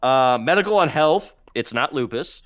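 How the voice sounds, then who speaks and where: A man's voice: mid-range voice, expressive, moderate pace, fairly bright tone. A man co-hosting a podcast, joking around in casual chat while reading out a list. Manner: jokey, reads out a list while riffing. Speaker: podcast co-host. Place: small home studio.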